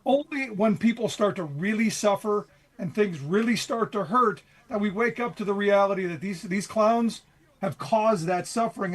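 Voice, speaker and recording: High-voiced sarcastic male radio host. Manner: sarcastic, passionate political commentary. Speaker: radio talk show host guest. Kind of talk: casual talk radio.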